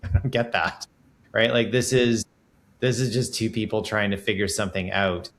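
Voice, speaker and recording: Man, podcast host, lowish voice, reflective, rambling, restarts. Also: fairly even intonation, moderate pace. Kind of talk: casual interview conversation.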